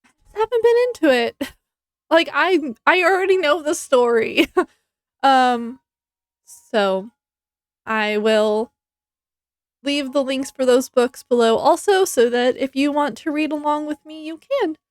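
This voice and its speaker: A woman talks through a book review at an unhurried pace, filling pauses with ums and restarting her sentences. Her voice sits a little high, and the recording is close and dry with no room sound. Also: animated, no echo. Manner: chatty, rambling, many ums and restarts; laughs easily, acts out her reactions. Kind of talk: casual book review vlog.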